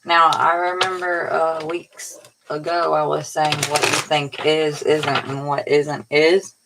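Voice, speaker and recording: Slow, gravelly-voiced woman giving a rambling pep talk. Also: sits low, level tone, very noisy. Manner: rambling, digressive, colloquial. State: tired, yawning. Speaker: tarot reader. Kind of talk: casual spiritual pep talk.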